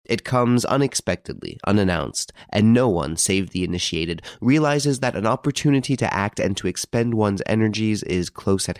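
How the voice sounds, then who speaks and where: A man's voice: fairly low pitch, no room sound, studio quality. Man reading a cool, self-assured aristocrat. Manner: calm, self-assured, smooth. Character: composed, worldly aristocratic gentleman-adventurer.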